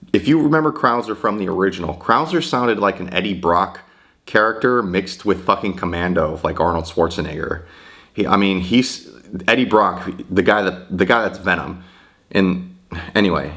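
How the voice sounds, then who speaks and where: A man's voice: low-pitched, fairly bright tone. A man giving a casual, rambling video game review, hesitant with lots of fillers and frequent swearing.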